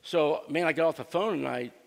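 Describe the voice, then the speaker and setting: In a church sanctuary with a big-room sound, a pastor preaches a sermon that mixes a joking personal story with emphatic, repeated lines for his church. His voice is brisk and on the high side, with vocal fry.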